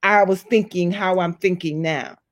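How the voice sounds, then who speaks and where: A woman in her forties telling personal stories in a casual, heartfelt conversation, acting out what people said with big pitch jumps. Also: moderate pace. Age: 40s. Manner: animated storyteller, acts out voices with big pitch jumps.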